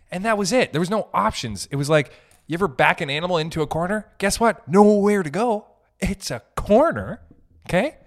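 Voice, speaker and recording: Man, young adult, podcast host, comedic rant, swearing, laughing, slightly high pitch. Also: moderate pace. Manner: animated, swearing, laughing, mock voices.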